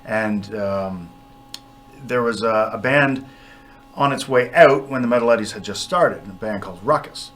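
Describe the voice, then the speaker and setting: A man's voice: on the low side, measured pace, a bit bright. Chatty man telling band stories. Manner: chatty, self-deprecating, laughs often. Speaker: band member guest. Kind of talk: casual radio interview storytelling.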